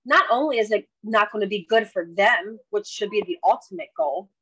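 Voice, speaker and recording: A woman's voice: medium pitch, fairly quick, a bit bright, slightly rough, no room sound, rough recording. A woman telling a story on a video call in a chatty way, acting out both sides of a conversation. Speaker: network marketing distributor sharing a story.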